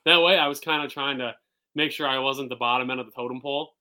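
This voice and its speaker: A man's voice: mid-range voice, fairly even intonation, fast, sharp tone. A man co-hosting a podcast, chatting in an easygoing, laid-back way. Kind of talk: casual chat.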